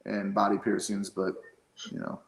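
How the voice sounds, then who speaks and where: A man's voice: lowish voice, level tone, moderate pace, creaky. Guy rambling thru a casual chat, tons of ums, kinda echoey room. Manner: rambling, many fillers and restarts. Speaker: guest.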